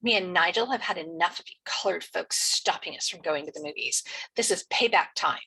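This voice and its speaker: A woman reading aloud as a sneering teenage girl bully with a snarl, her voice husky. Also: fairly low pitch, a little fast, pushed and bright, heavily acted, poor audio. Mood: taunting.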